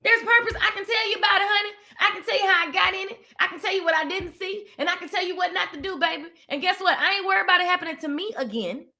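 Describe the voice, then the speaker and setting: A woman hosting a casual faith-based motivational talk, animated and preachy, calling her viewers "baby" and "honey.". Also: very high-pitched, quick pace, hardly any pauses. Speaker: host of a live motivational stream.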